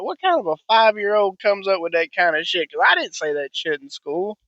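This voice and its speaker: A man rants bluntly and profanely, rambling from point to point. His voice is bright and forward and sits a little high. It is recorded dry, with a dull, lo-fi sound. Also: sing-song, brisk, hardly any pauses, dry recording. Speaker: podcast host. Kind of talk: ranting monologue.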